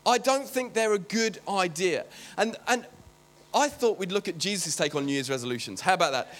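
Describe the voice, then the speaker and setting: A man's voice: sits high, expressive, fairly quick, fairly bright tone. A man preaching a sermon in a chatty, joking way, often breaking off to talk to the congregation. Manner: chatty, joking, self-interrupting.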